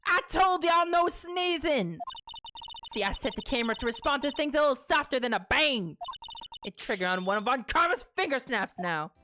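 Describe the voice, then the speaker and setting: A woman voicing a brash, bossy woman photographer, with a shouty, twangy delivery. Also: on the high side, animated, brisk, lightly acted. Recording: game music behind.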